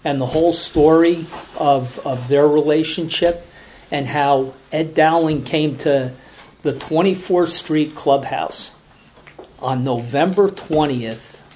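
A man's voice: fairly high pitch, slow, a little mellow, slight background noise. A man telling a story at a recovery meeting in casual, rambling talk, repeating words and acting out voices as he goes.

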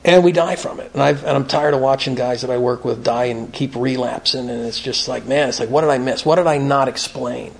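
A man's voice: mid-range voice, fairly quick, vocal fry, few pauses. A man speaking to an evening recovery meeting in an earnest, plain-spoken, storytelling way. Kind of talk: conversational talk at a recovery meeting. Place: meeting room, evening gathering.

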